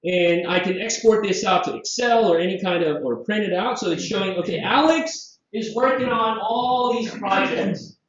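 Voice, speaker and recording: A man from Southeast Asia giving a live conference software demo, lively and jokey, full of rhetorical questions. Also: high-pitched. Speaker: conference presenter. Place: conference room. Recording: very echoey, distant, dull hall sound.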